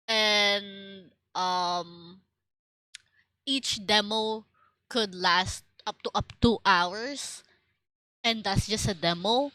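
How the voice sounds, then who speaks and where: A woman's voice: medium pitch, bright, forceful tone, no echo, poor audio. A young Filipino woman streamer with a Filipino accent, chatting casually and rambling with lots of fillers and restarts. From Philippines.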